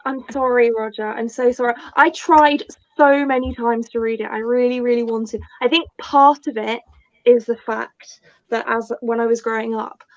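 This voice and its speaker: A woman's voice: fairly high pitch, steady tone, normal speed. A woman co-hosting a casual book podcast, talking in an apologetic, self-deprecating way. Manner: apologetic, self-deprecating, laughs between phrases. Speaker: podcast co-host. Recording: dull lo-fi sound.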